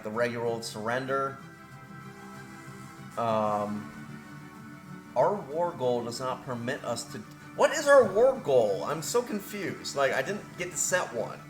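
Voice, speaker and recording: A man's voice: medium pitch, a little slow, echoey room, music in the background. Rambling man narrating a strategy game. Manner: rambling, self-deprecating complaining. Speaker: gaming video host. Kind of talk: let's play commentary.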